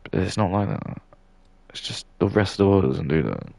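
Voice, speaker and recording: A man's voice: sits low, very animated, normal speed, creaky, darkish tone, no room sound. A young man with a southern English accent, rambling in a casual monologue full of fillers and restarts. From southern England. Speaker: streamer.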